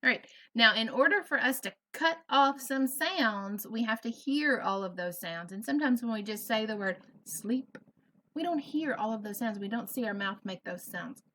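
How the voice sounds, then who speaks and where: Expressive and at normal speed, a Southern US woman with a fairly high, fairly bright voice leads a virtual first grade phonics lesson. She stretches words and sounds them out for the young kids.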